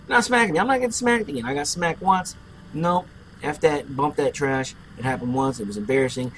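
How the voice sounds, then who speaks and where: Brash young guy, casual gaming commentary, swears freely, lively storyteller, light hiss behind. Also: on the high side, a little fast. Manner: brash, profane, boastful storyteller. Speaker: gameplay commentator. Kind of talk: casual let's play storytelling.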